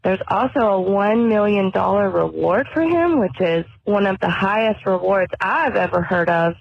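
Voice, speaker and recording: A woman's voice: medium pitch, gravelly, no room sound. A woman leaving a friendly, informal voicemail for a podcast. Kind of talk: voicemail message. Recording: muffled phone voicemail.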